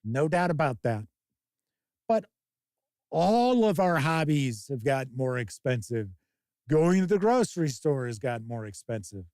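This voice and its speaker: A man's voice: mid-range voice, measured pace, no room sound, clean studio sound. A man hosting a live tabletop-gaming stream, talking casually in a rambling way, with bursts of swearing. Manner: rambling, profane, animated mock quotes. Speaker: host.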